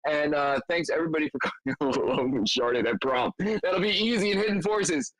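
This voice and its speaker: A man's voice: fairly high pitch, brisk, a crowd in the background, poor audio. A man hosting an online meetup in a loose, laughing casual chat with many fillers. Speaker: meetup host.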